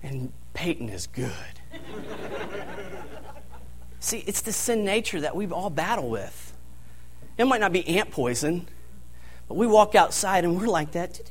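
A young man preaches with a high, bright-toned voice, telling a story with lively animation and frequent laughter. He shifts between playful storytelling and earnest teaching. A faint hum of room ambience sits behind him. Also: a little slow, pauses often. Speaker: pastor. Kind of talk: storytelling sermon.

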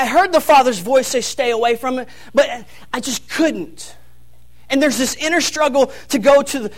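A young man preaching a sermon, telling a family story in an animated way and laughing as he goes. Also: extremely high pitch. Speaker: pastor.

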